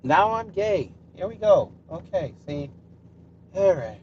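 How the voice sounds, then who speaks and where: A man's voice: high voice, very animated, takes it slowly, darkish tone, recorded from a distance, lo-fi sound, a little hiss or hum. A man hosting a casual live stream, talking straight to his chat in a combative, sarcastic way. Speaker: livestream host.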